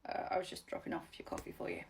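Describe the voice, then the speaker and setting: A woman voicing a gentle, caring young boyfriend who talks softly and low-key in a comedy sketch. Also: very fast, recorded from a distance, close to an everyday voice. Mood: awkward.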